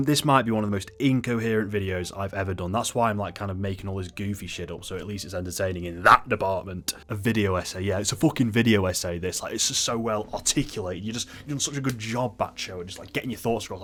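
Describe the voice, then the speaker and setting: A young man holds forth in a ranting video essay, swearing freely and blowing every complaint up on purpose, then mocking himself for it. His voice sits a little low. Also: a bit bright. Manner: sweary, hyperbolic, self-mocking rant.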